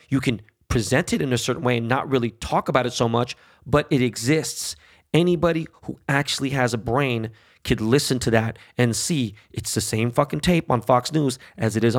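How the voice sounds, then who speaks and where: Gravelly, foul-mouthed ranting man. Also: mid-range voice. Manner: angry, blunt, heavy swearing, frequent "okay?" and "right?". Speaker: podcast host. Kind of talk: profane political rant.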